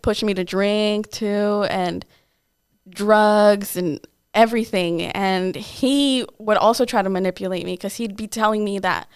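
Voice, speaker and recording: A young woman chats candidly on a podcast and tells a personal story, acting out what people said along the way. Her voice is smooth and clear, and it sits at a middle pitch. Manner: candid, lots of "like" and quoted asides. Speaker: podcast co-host. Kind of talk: casual storytelling chat.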